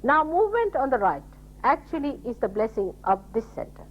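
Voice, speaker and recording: Animated older woman on old tape. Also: high voice, a little fast, slight background noise. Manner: animated, scolding, storytelling with quoted dialogue. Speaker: spiritual teacher. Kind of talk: spiritual talk to followers. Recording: dull lo-fi 1980s tape.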